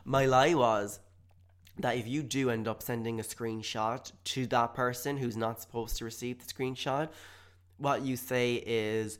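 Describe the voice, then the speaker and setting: Animated young man telling stories. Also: mid-range voice, normal speed. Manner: animated storytelling with sudden loud mock-quotes. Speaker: podcast host. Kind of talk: casual comedic monologue.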